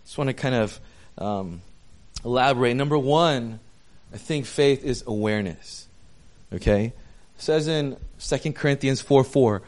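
A man preaching a sermon in a casual, conversational way, dropping to hushed storytelling and rising to emphatic, raised points. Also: mid-range voice, moderate pace. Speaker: pastor.

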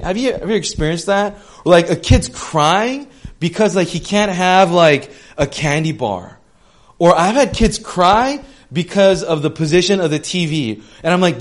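Animated young male preacher, conversational. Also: on the high side. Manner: conversational, swings from loud animated retellings to soft hushed reflection. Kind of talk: sermon.

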